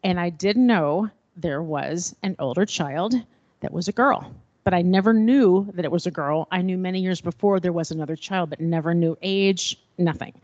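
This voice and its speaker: Woman, middle-aged, personal storytelling, expressive, quoted dialogue, dry close sound. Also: on the low side, moderate pace, no echo, muffled recording. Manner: expressive, acts out remembered dialogue. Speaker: panel speaker.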